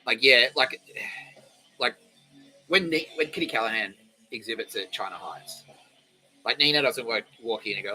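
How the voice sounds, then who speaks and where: A man's voice: medium pitch, expressive, a little fast, pushed and bright, soft background music, rough recording. A young man hosting a podcast, talking in a rambling, profane, self-mocking way. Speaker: podcast host. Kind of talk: casual solo monologue.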